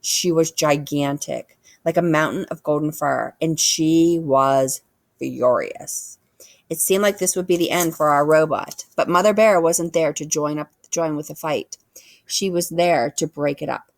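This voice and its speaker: A woman reading a children's book aloud with expressive storytelling. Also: deep voice, measured pace, no room sound. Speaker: reader.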